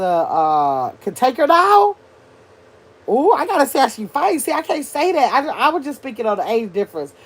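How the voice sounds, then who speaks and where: An older woman hosting a casual livestream, chatting with her viewers and reading their comments aloud as she thinks out loud. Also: mid-range voice. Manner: chatty, animated, thinks out loud, addresses chat as y'all. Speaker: livestream host reading chat.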